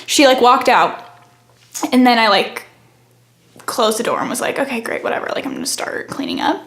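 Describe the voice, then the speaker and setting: Young woman, fairly high voice, casual podcast chat, lots of fillers. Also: very animated, moderate pace, gravelly, fairly bright tone. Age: young adult. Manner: rambling storytelling with frequent fillers. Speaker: podcast co-host. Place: campus studio.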